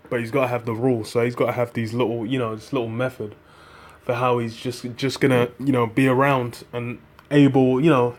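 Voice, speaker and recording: A man preaching in a rambling, casual monologue, full of fillers and profanity, quoting scripture. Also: medium pitch. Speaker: religious group member.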